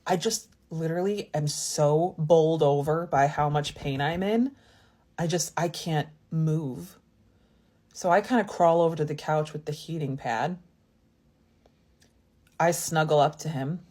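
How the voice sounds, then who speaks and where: A vlogger in her thirties shares a personal story in a casual storytime, rambling and confiding and restarting many times. Her voice is low-pitched with a darkish tone, and she speaks a little slowly.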